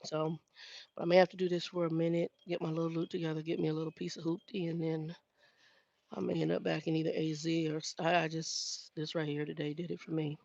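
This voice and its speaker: Gravelly woman, dry lo-fi sound. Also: sits low, little pitch movement, quick pace, darkish tone, no echo. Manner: frank, exasperated, talks in restarts. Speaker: vlogger, truck driver. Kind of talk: casual chat with live viewers.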